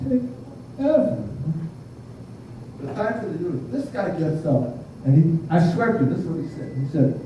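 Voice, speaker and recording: A man's voice: high voice, wildly swooping pitch, normal speed, mellow, slight background noise. An older man, a Buddhist minister, giving a blunt, humorous sermon in a conversational storytelling way. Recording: echoey hall, distant, muffled.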